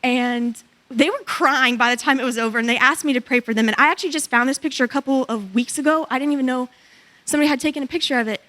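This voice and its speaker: Her church testimony covers a mission trip, told with animation as she imitates what people said. The speaker is a woman in her twenties with a high voice who talks fast.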